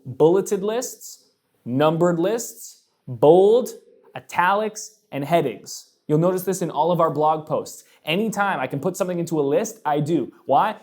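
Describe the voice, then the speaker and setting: A man's voice: fairly high pitch, darkish tone. A young adult man hosting a casual advice talk, upbeat and joking as he lists tips with emphasis. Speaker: host.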